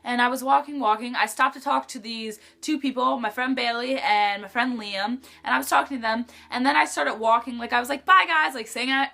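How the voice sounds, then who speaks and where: A woman's voice: a little high, fairly even intonation, fairly quick, gravelly, hardly any pauses, fairly bright tone. A teenage girl vlogging in a chatty storytime style, full of "like" fillers. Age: teens. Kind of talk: casual storytime chat.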